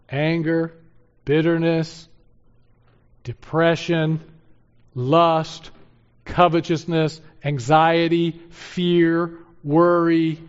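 A man preaching a sermon, moving from loud urgent exhortation to hushed, earnest pleading. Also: on the high side, flat delivery, extremely slow, long pauses, clean tone. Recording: dull sound with long hall reverb.

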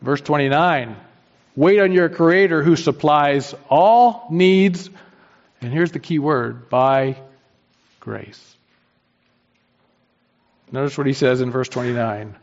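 A man preaching a sermon, swinging from quiet low lines to emphatic, rising peaks. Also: slow pace, long pauses, dull audio.

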